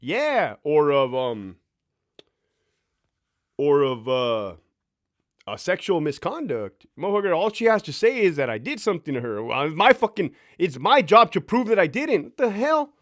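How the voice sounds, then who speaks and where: A man's voice: on the high side, big pitch swings, normal speed, fairly bright tone, no echo, clean studio sound. A man in his thirties hosting a casual livestream from home, cursing freely, laughing and answering chat comments. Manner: profane, boastful, laughing, addresses chat directly. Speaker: livestream host.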